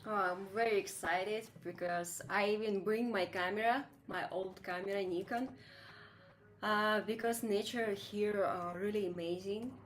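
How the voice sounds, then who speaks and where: Russian-accented woman, slow and halting, faint background noise, second-language English. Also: mid-range voice, fairly even intonation. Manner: halting, searching for words. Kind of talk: casual chat.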